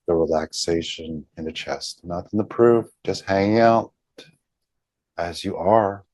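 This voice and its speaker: Very deep, husky man guiding slowly. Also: dry recording. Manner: slow, deliberate, repeats phrases softly. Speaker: healer leading a group session. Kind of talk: guided healing session with affirmations. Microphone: video call.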